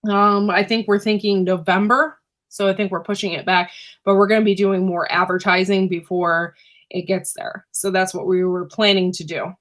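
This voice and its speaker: A woman hosting a casual livestream. She rambles with many fillers and keeps clearing her throat, which is irritated by pepper fumes. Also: mid-range voice, little pitch movement, normal speed, a bit bright. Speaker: livestream host and homesteader. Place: indoors at home.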